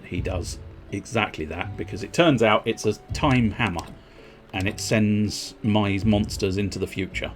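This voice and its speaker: A man streaming a game, rambling and mocking himself in casual chat. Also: deep voice. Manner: rambling, self-mocking, giggly.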